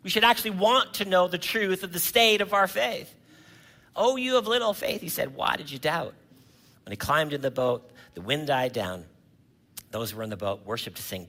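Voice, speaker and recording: A male pastor preaching with a high, bright voice. He swings from loud, stretched-out cries to near-whispered lines, and keeps asking the congregation questions. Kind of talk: sermon.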